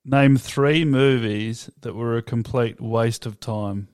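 A man's voice: medium pitch, steady tone, slow pace, darkish tone, faint music behind. A man co-hosting a podcast in casual chat, often laughing and trailing off mid-sentence. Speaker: podcast co-host.

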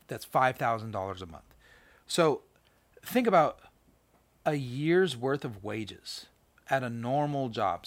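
A man hosting a podcast, reading scripture and commenting in a casual, fast, animated way with many fillers and restarts. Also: medium pitch, no echo. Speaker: podcast host.

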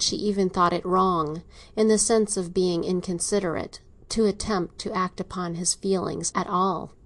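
A woman narrating an audiobook in an even, measured reading voice. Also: mid-range voice. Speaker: volunteer audiobook reader.

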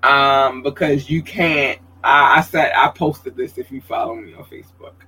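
A man hosting a casual livestream podcast, chatty and expressive, talking straight to his viewers and reading out their comments, his voice leaping up high when he gets excited. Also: normal speed, husky, low-quality recording. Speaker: podcast host.

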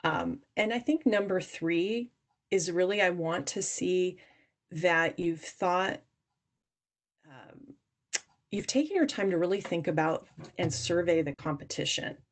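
A woman's voice: lowish voice, expressive, unhurried. A woman guest on a podcast, explaining earnestly how investors judge founders, often restarting her sentences. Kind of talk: podcast interview answers.

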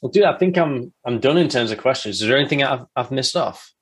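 A man hosting a casual interview, wrapping up questions in a relaxed way with short replies and laughter. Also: mid-range voice, fast. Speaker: podcast host.

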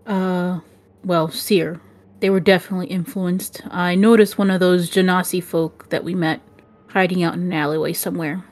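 A woman voicing a calm, observant male adventurer in a tabletop game, in a casual, lightly hesitant way. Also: fairly low pitch, normal speed, natural voice. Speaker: tabletop player.

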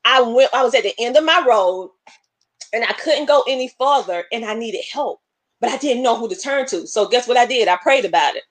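A woman hosting a live online show, talking in an animated, emotional, preacherly way. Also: fairly high pitch, a little fast, no echo. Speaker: show host.

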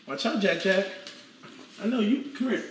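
A man's voice: sits high, normal speed, echoey room, a little hiss or hum. A man, a guest athlete, chatting casually on a live stream from home, playfully coaxing his dogs. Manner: playful, calls and coaxes his dogs in rising tones.

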